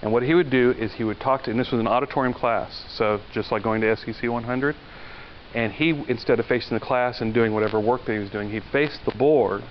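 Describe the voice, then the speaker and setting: A male university lecturer with a mid-range, steady voice speaks a little fast. Conversational in manner, he quizzes the class and shares anecdotes during the lecture, and the recording is dull and lo-fi with faint noise.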